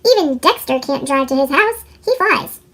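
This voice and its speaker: A woman voicing a thoughtful female spider in a storybook reading, her voice sped up into a chipmunk pitch. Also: lively intonation, moderate pace, a bit bright. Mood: musing. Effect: sped-up chipmunk pitch shift.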